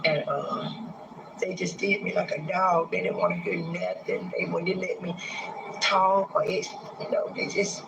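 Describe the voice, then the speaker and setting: A man in his sixties speaks with a gravelly, fairly high voice, stopping and restarting as he tells his story. His words are halting and hesitant. The interview clip carries loud background noise. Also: expressive. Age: 60s. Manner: halting, hesitant retelling with many pauses and restarts. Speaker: man recounting a police arrest. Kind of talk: recorded street interview.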